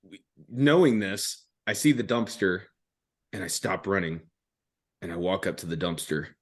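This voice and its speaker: A man's voice: low voice, animated, normal speed. A young man hosting a podcast, telling a story casually with lots of swearing and slang. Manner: laid-back, profane, laughs often, fillers like "dude" and "man". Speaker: podcast host.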